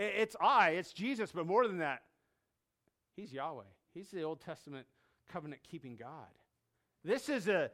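A male preacher delivering an expository sermon in a fairly high voice that rises and falls a great deal. He acts out scenes and repeats key phrases for emphasis. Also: fairly bright tone.

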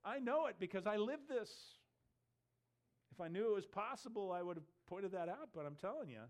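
A man's voice: high voice, lively intonation, a little fast, a little mellow, voice pushed up. A formerly blind man, bold and pointed, played by a man with a raised voice. He presses the experts with one incredulous question after another. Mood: challenging. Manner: incredulous, challenging rhetorical questions.

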